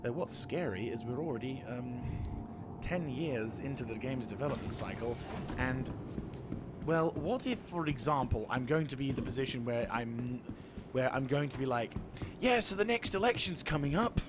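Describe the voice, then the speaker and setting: A man's voice: medium pitch, moderate pace, very noisy. A British man in his thirties streaming a game, talking in a rambling, sweary and self-deprecating way. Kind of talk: casual gameplay commentary.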